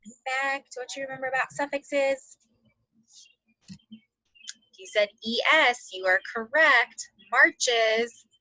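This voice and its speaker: A woman teacher giving a phonics lesson to second graders, slowly sounding out words and spelling letters aloud. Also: sits high, bright, forceful tone, no room sound, muffled recording.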